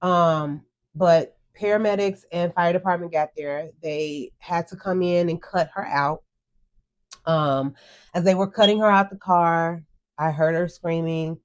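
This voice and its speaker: In a lowish, fairly even, unhurried voice, a middle-aged podcast co-host shares the emotional story of a crash. She is earnest and close to crying, quoting herself as she goes.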